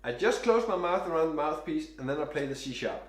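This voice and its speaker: A man's voice: fairly high pitch, a little fast, slight background noise. Man coaching saxophone breathing, roomy echo. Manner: calm step-by-step coaching, demonstrating as he talks. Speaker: saxophone teacher. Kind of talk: instructional demonstration.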